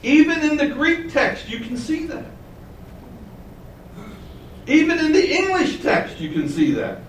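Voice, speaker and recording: Animated man preaching in an echoey room. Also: very high-pitched, a little slow, far from the mic, slight background noise. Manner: animated teaching, rhetorical questions to the congregation. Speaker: pastor. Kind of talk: sermon.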